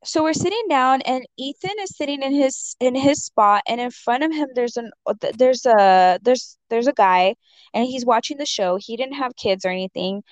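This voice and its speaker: A woman's voice: a little high, moderate pace, dry recording. A woman telling a story in casual chat, rambling with many fillers and acting out the quotes. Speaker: storyteller in a conversation. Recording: dull dry lo-fi audio.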